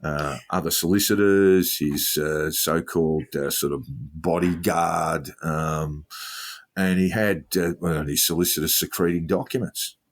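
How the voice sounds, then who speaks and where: A man's voice: extremely low pitch, fairly even intonation, measured pace. A man co-hosting a podcast, chatting about politics in a hesitant way full of fillers. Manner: hesitant, filler-heavy delivery. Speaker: podcast co-host. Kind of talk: casual political chat.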